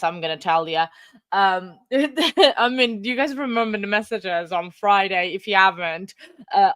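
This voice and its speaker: A woman's voice: medium pitch, a bit bright, no echo, clean studio sound. Chatty woman host greeting viewers. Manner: chatty, emotional, greets viewers by name, many fillers. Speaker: livestream host. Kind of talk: casual livestream chat. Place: home room. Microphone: computer mic.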